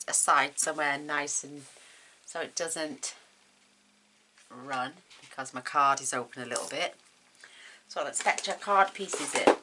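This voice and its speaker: A woman hosting a card-making tutorial at home, chatting casually and thinking aloud as she works, with quick laughs. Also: sits low, pushed and bright, slight background noise. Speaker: craft tutorial host. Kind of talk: casual demonstration chat.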